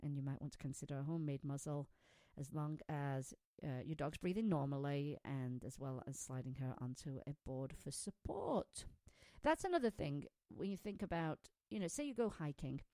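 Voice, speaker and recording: A woman's voice: low-pitched, expressive, moderate pace, dark tone, dry recording. A woman hosting a pet-tips show in casual chat, talkative and laughing often as she wanders between stories. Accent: non-American, says it is her own.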